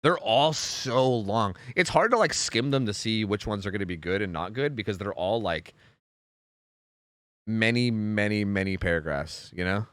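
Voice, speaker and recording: A man's voice: on the low side, moderate pace, fairly bright tone, dry recording, clean studio sound. A young man streaming and chatting casually, rambling with lots of fillers and casual swearing. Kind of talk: casual chat on a game stream.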